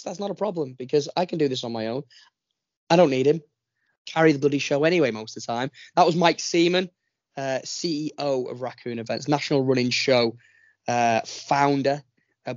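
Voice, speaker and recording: A chatty male podcast host who talks casually and makes jokes at his own expense. His voice sounds dry and close, with slightly dull, muffled sound. His pitch sits in the middle range. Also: no echo. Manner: chatty, jokey, self-deprecating. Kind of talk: casual chat.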